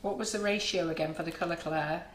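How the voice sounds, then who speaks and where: A woman's voice: fairly low pitch, steady tone, fast, slight background noise. A woman co-hosting a live cake decorating stream, reading out viewer comments and asking the decorator questions. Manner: chatty, reads out comments and asks questions. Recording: echoey kitchen.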